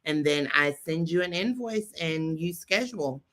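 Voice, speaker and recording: A woman pastor speaks as a guest on a video-call interview. Her voice is low yet bright and forward. She is frank and joking and drives points home by repeating them. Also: animated, moderate pace. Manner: frank, joking, emphatic repetitions. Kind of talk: casual interview talk.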